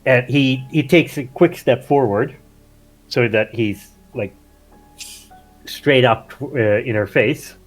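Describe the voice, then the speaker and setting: A man's voice: medium pitch, soft background music. Man narrating a tabletop game. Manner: halting, full of restarts. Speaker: player narrating his character's actions.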